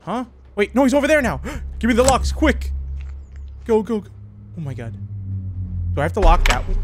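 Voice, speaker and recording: A man's voice: sits high, expressive, moderate pace, pauses often, slight background noise. A young man commenting on a horror game as he plays, jumpy and joking, laughing often. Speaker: gaming youtuber.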